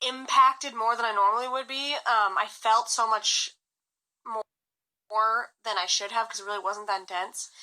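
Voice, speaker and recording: A young woman from California telling a personal story in a chatty way, full of fillers and lively quoted lines. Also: on the high side, poor audio. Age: young adult. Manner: chatty, many fillers, animated quoting. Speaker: singer vlogging. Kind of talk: casual storytelling to phone.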